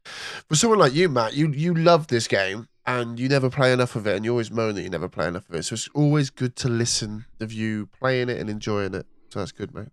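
A man's voice: medium pitch, brisk. A man on a casual podcast chat, talking in a friendly, encouraging way to his co-host.

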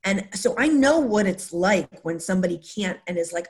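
A woman hosting a podcast in casual conversation, enthusiastic and affirming, with an energetic way of talking. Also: medium pitch, normal speed. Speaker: podcast host.

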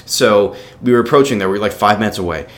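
A man in his twenties from New York, a podcast guest telling a story in casual chat, animated and cursing freely between lots of fillers. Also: fairly low pitch, quick pace. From New York, USA. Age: 20s.

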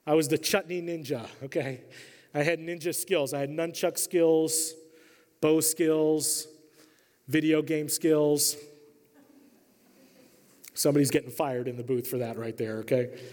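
A man in his forties preaching a sermon as a pastor, telling funny family stories with a lively, humorous delivery. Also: fairly high pitch, unhurried, pauses often. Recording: long reverb of a large hall.

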